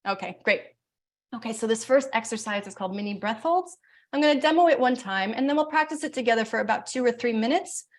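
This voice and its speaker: A woman breathwork coach leading a live online workshop over a video call, talking fast when she explains and slowing to a soothing pace when she guides the breathing. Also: on the high side, expressive. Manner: talks fast, then slow and soothing when guiding breaths.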